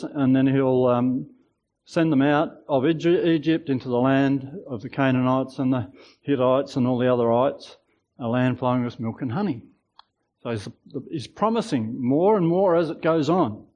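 A man in his sixties preaching a sermon in a relaxed, conversational way, chuckling at his own asides. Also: mid-range voice, lo-fi sound.

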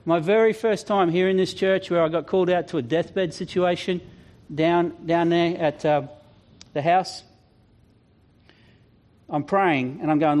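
A man preaching a sermon, telling stories with animated, self-deprecating humor and acting out voices. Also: fairly high pitch, a little slow, long pauses. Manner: animated, acts out quoted voices. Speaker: pastor. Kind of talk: sermon storytelling.

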